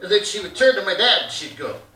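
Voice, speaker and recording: A man's voice: high-pitched, big pitch swings, quick pace, bright, forceful tone, distant mic. A man in his fifties, from Hamilton, doing a brash, rambling, crude stand-up routine. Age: 50s. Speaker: stand-up comedian. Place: theater stage, live audience. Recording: roomy live theater audio from afar.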